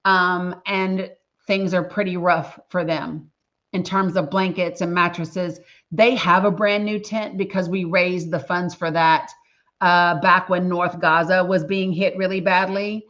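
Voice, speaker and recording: Woman livestreaming, slow and earnest, kinda low voice, muffled lo-fi audio. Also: steady tone, fairly bright tone. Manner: earnest, slow, emotional, reads chat names aloud. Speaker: livestream host. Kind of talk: casual livestream chat with viewers. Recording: slightly dull lo-fi audio.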